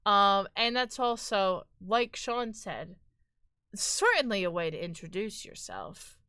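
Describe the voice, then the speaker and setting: Woman streamer, unhurried delivery, bright clear tone, teasing and mock-dramatic with chat. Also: medium pitch, sing-song, no room sound, clean studio sound. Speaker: livestream host. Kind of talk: casual chat with viewers.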